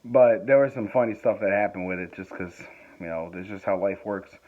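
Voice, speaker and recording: A man's voice: lowish voice, a little fast. A man vlogging from home during a power outage, telling a rambling story into his phone, chuckling and swearing as he goes. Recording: tinny phone-like sound.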